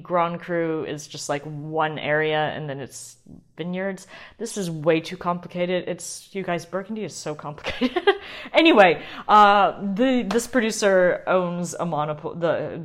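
A woman hosting a wine podcast alone, talking casually and excitably and often sidetracking herself. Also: fairly low pitch. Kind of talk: casual solo wine talk.

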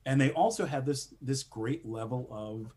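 A man's voice: mid-range voice, moderate pace, warm tone, husky. A man, a screenwriter, talking casually in an interview with lots of fillers and restarts. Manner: rambling, many fillers and restarts, laughs often. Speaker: animation screenwriter guest.

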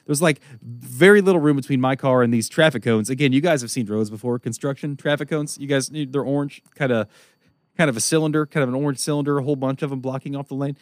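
A man telling a long story as a podcast co-host, profane and animated, laughing often. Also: medium pitch, quick pace, no room sound, clean studio sound. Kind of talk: casual storytelling chat.

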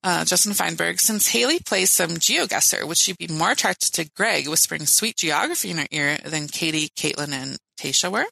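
A laid-back woman podcast co-host with a lowish, gravelly voice that still has a bright, sharp edge. She reads listener questions and chats casually, giggling now and then, in a dry, close-miked sound. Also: expressive, moderate pace, few pauses, dry recording, low-quality recording.

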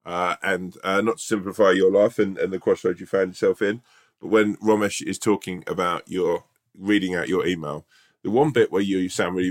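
Deep-voiced, laid-back man. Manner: laid-back, rambling, full of restarts. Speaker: podcast co-host. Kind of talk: casual advice podcast chat.

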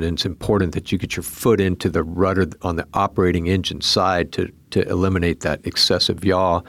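A man hosting an aviation podcast, speaking in a measured way and explaining points clearly for listeners. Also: deep voice, a bit bright, no echo. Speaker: podcast host. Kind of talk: interview hosting.

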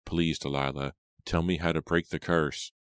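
Earnest young guy in love, guy reading it, super deep voice. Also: fairly even intonation, normal speed, clean tone, no room sound, clean studio sound. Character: earnest young man, devoted and hopeful.

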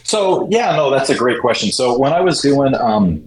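A man's voice: normal speed, a little hiss or hum. Man telling stories in a roomy echo. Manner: animated, jumps higher when quoting people. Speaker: guest, shoe importer. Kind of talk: casual interview storytelling.

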